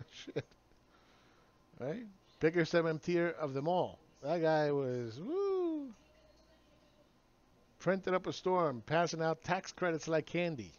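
A man's voice: fairly high pitch, big pitch swings, takes it slowly, long pauses, muffled recording. A man ranting sarcastically in a solo video monologue, mocking the people he argues against. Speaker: market commentator.

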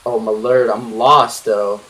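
A young man commentating a horror game as he plays, panicky and swearing, yelling at the enemies on screen. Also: fairly low pitch, flat delivery, slow pace. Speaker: gaming YouTuber.

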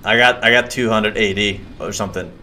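A man's voice: fairly low pitch, steady tone, brisk, bright, forceful tone. A man streaming a role-play game, chatting casually and swearing often. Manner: laid-back, swears often. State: out of breath after running. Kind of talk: casual gaming chat.

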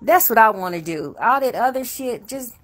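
A woman's voice: on the high side, lively intonation, normal speed, a bit bright. A woman hosting a show, giving frank, blunt advice in casual chat with some cursing.

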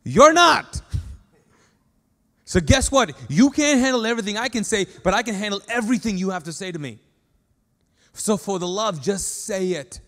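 God, patient and unshakable, his voice lifted high and ringing out in a long hall echo as a preacher puts him on. He presses his point with calm insistence. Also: moderate pace, long pauses. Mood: emphatic. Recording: long reverb of a large hall.

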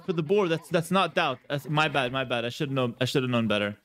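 A man's voice: medium pitch, lively intonation, fast talker, few pauses, fairly bright tone. A man giving casual, playful commentary while playing a strategy game, talking to his viewers and repeating words as he thinks. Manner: playful, chatty, addresses viewers as guys. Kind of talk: casual live gameplay commentary.

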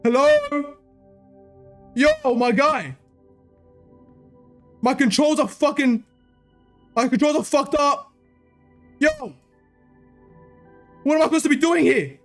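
A man's voice: extremely high pitch, expressive, takes it slowly, pauses often, soft background music. A young man giving panicky, swearing commentary while playing horror games, jumping between fear and mocking jokes. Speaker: gaming video creator.

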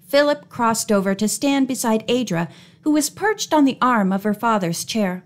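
A woman narrating an old mystery storybook in a clear, expressive reading voice. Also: a little high, normal speed. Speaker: audiobook narrator.

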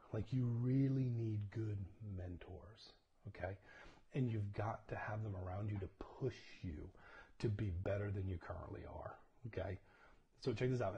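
A man's voice: on the low side, mellow. A man preaching a casual livestreamed sermon, talking conversationally, often checking in with "okay?" and laughing at himself as he tells personal stories. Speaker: pastor. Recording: dull lo-fi livestream audio with faint noise.

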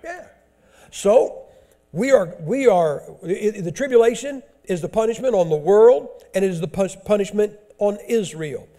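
Blunt, high-voiced preacher. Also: male voice, lively intonation, normal speed, dark tone. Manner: blunt, emphatic, folksy. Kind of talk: sermon.

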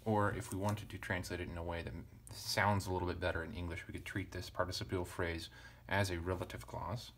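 A man teaching ancient Greek grammar at a relaxed pace, thinking aloud and correcting himself with casual asides. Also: deep voice, brisk, few pauses. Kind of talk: relaxed verse-by-verse parsing lesson.

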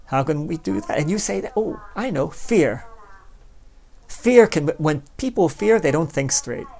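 A man's voice: fairly high pitch, lively intonation, moderate pace, vocal fry, darkish tone. A man hosting a podcast, delivering a rambling, sardonic philosophical monologue and speaking straight to the listener. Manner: sardonic, plays both sides of an imagined dialogue; rambling, conversational, addresses the listener directly. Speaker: podcast host.

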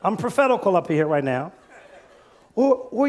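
A man preaching a sermon as pastor of a church, calling out questions to the congregation and rising to shouts as he reads scripture. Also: sits high, big pitch swings, moderate pace. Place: church sanctuary.

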